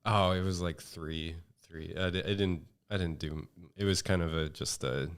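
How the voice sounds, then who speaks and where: A man speaking as a podcast guest in a monotone, casual chat full of fillers and restarts. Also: sits low, moderate pace, clean tone. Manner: rambling, with many fillers and restarts.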